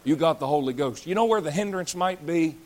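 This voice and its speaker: Blunt, scolding pastor. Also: male voice, a little high, a little fast. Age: 30s. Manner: blunt, scolding, folksy and joking. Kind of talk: fiery sermon.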